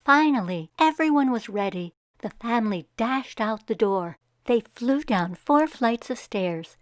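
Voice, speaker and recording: Slow, expressive woman reading to children. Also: fairly high pitch, no echo, studio quality. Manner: pauses to ask young listeners for predictions. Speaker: teacher reading aloud. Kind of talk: children's picture book read-aloud.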